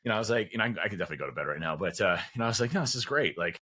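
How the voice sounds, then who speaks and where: A man talks quickly in a loose, rambling way, full of fillers and restarts. His voice is bright and forward, and he drops into little acted bits of dialogue as he goes. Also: lowish voice, lively intonation, slightly rough. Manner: acts out quoted dialogue. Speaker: podcast guest. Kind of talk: casual conversation.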